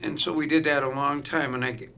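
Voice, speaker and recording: Brisk and gravelly, this fairly high-pitched male voice comes with a little hiss or hum. He's a middle-aged guest spinning casual stories and performing other people's dialogue with animation.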